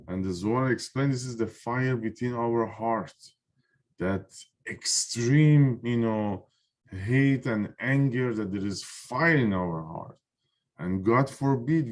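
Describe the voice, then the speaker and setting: A middle-aged man gives a spiritual lesson. He talks earnestly and repeats key phrases, pausing often on fillers while he finds his words. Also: medium pitch. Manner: repetitive, earnest, pauses with fillers. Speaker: Zohar teacher.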